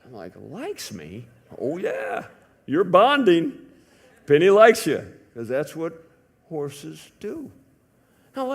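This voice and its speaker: Guy preaching in church, chatty story style, voice jumps all over, kinda high. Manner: animated, swings from hushed to loud; conversational with many fillers. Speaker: pastor. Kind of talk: storytelling sermon.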